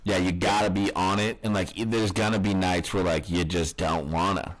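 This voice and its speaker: A man's voice: low-pitched, steady tone, moderate pace. A man co-hosting a podcast, joking and swearing casually while chatting with his friend. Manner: joking, laughs often, profane. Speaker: podcast co-host. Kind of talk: casual chat.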